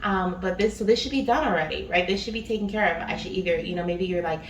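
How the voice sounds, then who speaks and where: A woman's voice: lowish voice, steady tone, brisk, hardly any pauses. A woman giving a casual spiritual reading, chatty and rambling with many fillers. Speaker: spiritual reader. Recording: echoey room, distant mic, faint noise.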